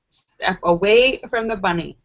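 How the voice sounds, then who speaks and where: A woman's voice: mid-range voice, muffled recording. A woman hosting a casual live stream and reading viewer comments aloud, playful and sassy, with frequent laughter and joking asides.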